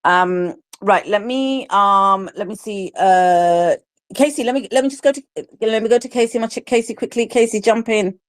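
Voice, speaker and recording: A woman's voice: mid-range voice, moderate pace, no echo. A woman hosting a live audio panel, loose and chatty, with fillers as she calls on speakers. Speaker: panel host.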